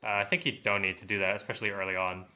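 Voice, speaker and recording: A man's voice: fairly low pitch, little pitch movement, very fast, pushed and bright. A man commentating a strategy game match, thinking aloud with many fillers and restarts. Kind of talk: esports commentary.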